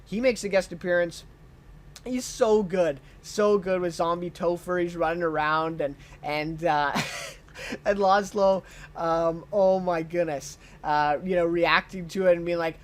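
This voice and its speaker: High-voiced man, enthusiastic unscripted reviewer. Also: steady tone, a little slow. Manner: enthusiastic, many ums and uhs. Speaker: TV show reviewer.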